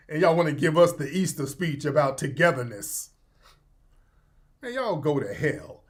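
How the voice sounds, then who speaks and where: A man hosts his own talk show with blunt, profane commentary. His delivery is casual and mocking, often slowing down for emphasis. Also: high voice, fairly bright tone. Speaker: show host.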